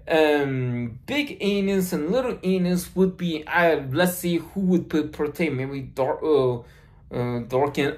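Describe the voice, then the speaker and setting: A man in an unscripted solo video commentary, rambling with many restarts and fillers, recorded on a phone mic. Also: fairly high pitch. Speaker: video blogger.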